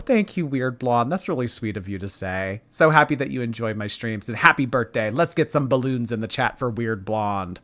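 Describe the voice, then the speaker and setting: A man's voice: medium pitch, expressive, normal speed, few pauses, a bit bright. A man hosting a live stream, reacting to videos with sarcastic, teasing remarks and reading viewer messages.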